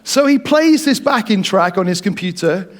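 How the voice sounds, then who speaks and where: Animated high-voiced male preacher. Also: normal speed. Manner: animated, jokey storyteller. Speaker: pastor. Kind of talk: sermon storytelling.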